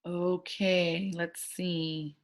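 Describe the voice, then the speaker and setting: Woman, phonics teacher for first graders, unhurried and encouraging, lowish voice. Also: level tone. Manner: slow, gentle and encouraging, sounding out words. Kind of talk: recorded online phonics lesson.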